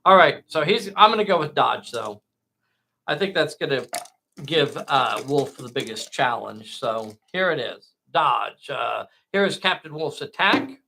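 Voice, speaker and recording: A man narrates a tabletop miniatures game like a showman, calling out dice rolls and talking to the audience as boys and girls. His voice is bright and forceful, with a gravelly rasp underneath. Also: mid-range voice, animated, a little slow, a little hiss or hum. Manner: addresses viewers as boys and girls, dramatic asides. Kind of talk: enthusiastic play-by-play narration.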